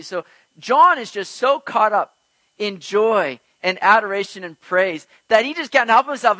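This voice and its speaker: A man's voice: high voice, animated, measured pace, pushed and bright, no echo, poor audio. A man preaching an earnest expository sermon as pastor, teaching emphatically with rhetorical questions.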